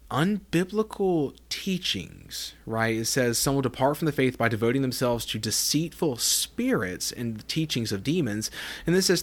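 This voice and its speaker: A man with a lowish voice teaches from the Bible on his podcast. He reads verse after verse aloud, pressing on key words with earnest emphasis. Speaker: podcast host.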